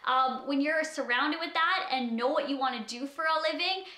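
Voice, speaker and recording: High bright-voiced girl rambling nervously, kinda breathless, echoey room. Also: moderate pace. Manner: anxious, rambling, heavy use of "like". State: anxious, short of breath. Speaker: vlogger. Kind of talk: confessional vlog talk.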